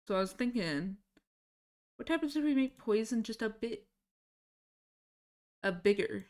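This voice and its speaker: A woman's voice: medium pitch, animated, normal speed, pauses often. A woman streaming live from home, chatting casually with her viewers, easily sidetracked and swearing now and then. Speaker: livestreamer.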